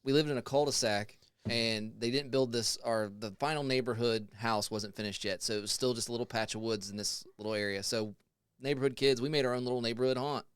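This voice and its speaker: A man's voice: medium pitch, steady tone, fairly quick, clear, resonant tone, dry recording, studio quality. A man in his forties co-hosting a podcast, telling a story in a laid-back way and swearing casually. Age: 40s. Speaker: podcast co-host.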